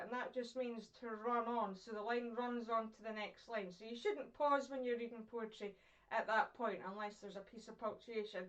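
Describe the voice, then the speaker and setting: A woman's voice: on the high side, recorded from a distance, lo-fi sound. Chatty Scottish woman teaching a poetry lesson. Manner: chatty, encouraging, asks questions and pauses for pupils. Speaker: English teacher. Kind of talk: recorded online poetry lesson.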